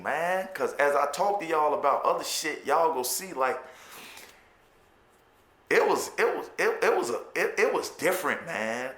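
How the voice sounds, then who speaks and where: A man's voice: medium pitch, a bit bright. A man with a Chicago accent telling his own life story in a candid, profane way, often stammering and repeating words. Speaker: formerly incarcerated storyteller. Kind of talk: candid personal storytelling monologue. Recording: roomy echo.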